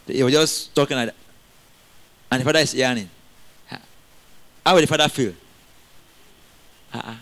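A man preaching a sermon in an animated way, asking the congregation questions and laughing often. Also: medium pitch, normal speed, long pauses.

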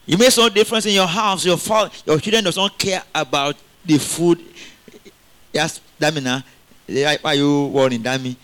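A middle-aged man preaches a sermon, his voice bright and a little high for a man. He talks in an animated way, throws questions at the congregation and breaks into laughter often. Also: normal speed.

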